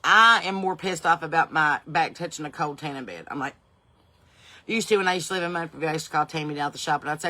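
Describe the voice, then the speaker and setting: Southern woman comic host, middle-aged, bright voice, rambling and profane stories. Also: deep voice, quick pace. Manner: brash, profane, rambling storyteller. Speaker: podcast host. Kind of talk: comedic storytelling monologue.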